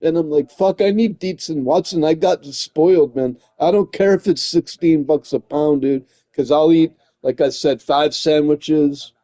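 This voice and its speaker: A slightly high-voiced man rambles in a loose, profane chat, tossing in "man" and "dude" between thoughts. His tone is mellow and dark rather than bright. The recording is close and dry, with no room sound. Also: fairly even intonation, unhurried, hardly any pauses, no room sound. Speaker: gaming streamer.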